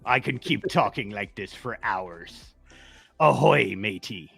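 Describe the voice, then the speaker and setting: A man's voice: lowish voice, a little slow, sharp tone, slightly rough, faint music behind. A man co-hosting a podcast at home, chatting casually and rambling, with frequent laughs. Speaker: podcast co-host. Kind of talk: casual chat.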